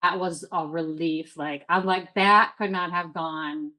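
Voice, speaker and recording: A woman's voice: on the low side, fairly even intonation, a little slow, bright, forceful tone, rough recording. A woman in her thirties from the Midwest, telling a story as a guest in a casual interview, full of "like" and quoted self-talk.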